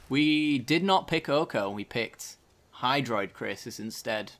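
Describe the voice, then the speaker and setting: A man's voice: medium pitch, animated, slow pace, fairly bright tone. A man casually commenting on his own card game as he plays, thinking aloud about each move. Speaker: gaming channel host.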